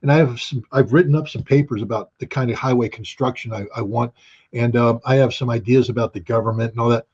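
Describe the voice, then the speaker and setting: Blunt, emphatic man with a husky voice. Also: mid-range voice, fairly even intonation, quick pace, darkish tone, dull audio. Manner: emphatic, blunt, rhetorical questions. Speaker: guest commentator. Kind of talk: opinionated interview talk.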